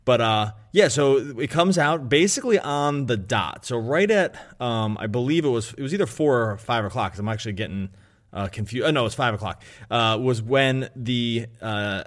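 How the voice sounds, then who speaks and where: A man co-hosting a sports podcast in casual chat, rambling and correcting himself as he goes. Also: mid-range voice. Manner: rambling, self-correcting, chuckles. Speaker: podcast co-host, betting analyst.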